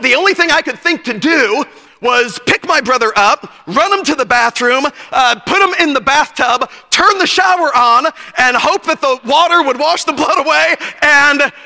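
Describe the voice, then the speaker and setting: Man preaching, very high voice, sharp and piercing, long church-hall reverb. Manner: animated storyteller who shouts at the climaxes. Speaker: youth conference preacher. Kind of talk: sermon with personal storytelling. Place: church auditorium.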